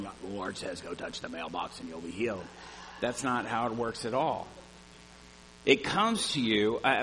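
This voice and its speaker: A man preaching a sermon, telling a story with animated energy. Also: mid-range voice, a little hiss or hum, low-quality recording. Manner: animated storyteller, shouts at the climax.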